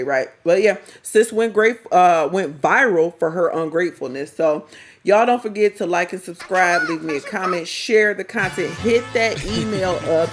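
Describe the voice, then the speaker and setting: Blunt, animated woman ranting in slang. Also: on the low side. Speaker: commentary vlogger. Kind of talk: casual reaction commentary.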